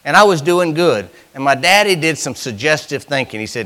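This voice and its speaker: Animated preacher man, bright lively voice. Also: on the high side, fairly quick, slight background noise. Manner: animated preaching, swinging from loud to hushed. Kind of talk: sermon.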